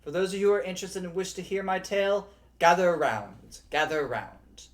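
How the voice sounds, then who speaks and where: A man voicing a tall armored female elf messenger who shouts urgently for help. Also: lowish voice, a little fast, pitched above the performer's own voice, lightly acted. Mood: pleading.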